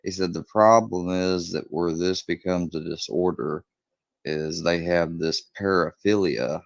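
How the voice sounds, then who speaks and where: A man's voice: low voice, measured pace, creaky, no echo. A man telling a crime story in a casual, rambling way, swearing often and acting out quoted lines in a raised voice.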